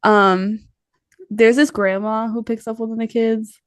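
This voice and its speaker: Chatty young woman, fairly high voice. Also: flat delivery, a little slow, dry recording, clean studio sound. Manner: laughing, chatty. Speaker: podcast co-host; preschool teacher. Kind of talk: casual chat.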